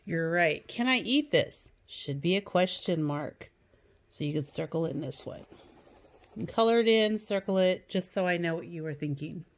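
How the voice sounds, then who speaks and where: A woman's voice: lowish voice, expressive, moderate pace. A woman teacher giving a recorded lesson to young students, patient, reading example sentences in a sing-song way.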